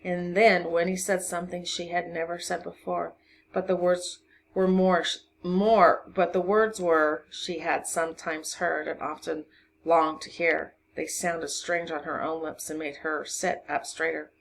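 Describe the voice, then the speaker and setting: A woman reads a children's novel aloud to a class, narrating in a lowish voice. She reads expressively and sounds like a teacher talking to her students. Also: a little slow, gravelly, a little hiss or hum. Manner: expressive reading, voices for each character. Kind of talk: storybook read-aloud to a class.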